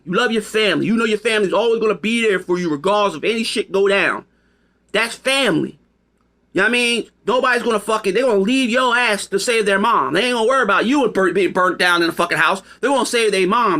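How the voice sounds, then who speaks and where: High-pitched guy ranting, cussing a lot, rambles, sharp bright tone. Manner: profane, rambling, emphatic. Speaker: video commentator. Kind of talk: casual opinion monologue.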